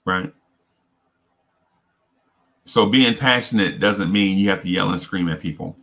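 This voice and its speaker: Earnest, halting man giving advice. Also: low voice, a bit bright. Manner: earnest, halting, repeats and restarts words. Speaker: host. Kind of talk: casual advice talk.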